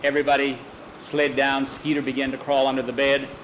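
A man telling a story aloud, lively and doing voices for each character. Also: medium pitch, brisk, highs cut off, a little hiss or hum. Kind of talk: oral storytelling.

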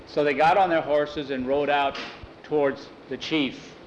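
An older man telling a frontier story in an unhurried, folksy way and acting out the dialogue. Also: fairly high pitch, fairly even intonation, dull audio, a little hiss or hum. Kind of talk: spoken storytelling.

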